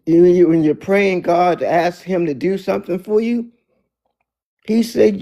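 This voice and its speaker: Slow emphatic preachy man. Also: sits high, dark tone. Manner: preachy, emphatic, repeats key phrases. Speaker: motivational speaker. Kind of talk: inspirational faith talk.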